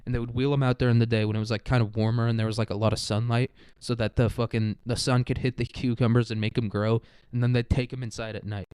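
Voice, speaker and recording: A man's voice: medium pitch, flat delivery, quick pace, few pauses, darkish tone, clean tone, dry recording. A man rambling through a crude, profane comedic monologue, full of "like" and "dude". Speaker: podcast host.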